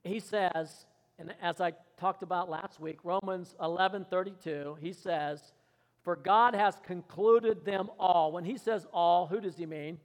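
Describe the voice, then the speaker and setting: A man preaching a sermon as pastor, calling out questions for the congregation to answer and swinging between quiet asides and loud declarations. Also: sits high, measured pace, long reverb tail. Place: church sanctuary.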